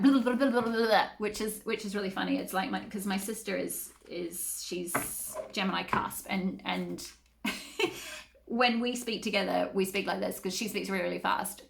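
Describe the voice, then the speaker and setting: Chatty woman with a gravelly voice. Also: medium pitch, a bit bright. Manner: chatty, rambling, many fillers. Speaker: tarot reader. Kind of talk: casual spoken tarot reading.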